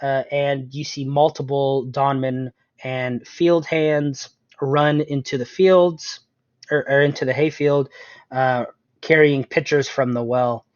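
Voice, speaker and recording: A man's voice: medium pitch, fairly even intonation, slow pace, no echo. Game master, male, chatty with ums, dull lo-fi recording. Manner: chatty, laughs often, fills with um. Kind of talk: narrating a tabletop game. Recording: dull lo-fi sound, dry room.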